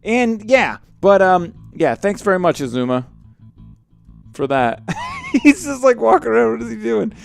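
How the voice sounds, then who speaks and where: Excitable man with a lively, raised voice. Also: sits high, gravelly, soft background music. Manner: chatty and excitable, quick to exclaim. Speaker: let's play host. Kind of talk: casual gameplay commentary.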